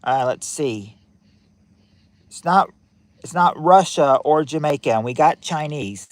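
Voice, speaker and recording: Reading questions for a family quiz game on his livestream, a man chats with viewers by name, responds to their chat names, and repeats phrases a lot. His slightly high voice is expressive and a little slow, with no echo.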